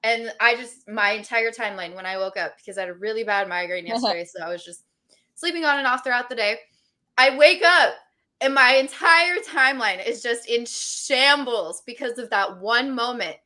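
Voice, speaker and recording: A woman co-hosting a casual podcast, telling the week's wrestling drama in an excited, gossipy way. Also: on the high side, moderate pace. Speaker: podcast co-host. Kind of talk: casual wrestling recap chat.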